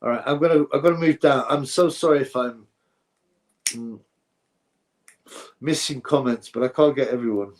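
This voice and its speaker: A man at a medium pitch hosting a casual boxing livestream. He rambles from one viewer comment to the next, reading them aloud and giving blunt opinions. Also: normal speed, long pauses. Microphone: streaming setup mic.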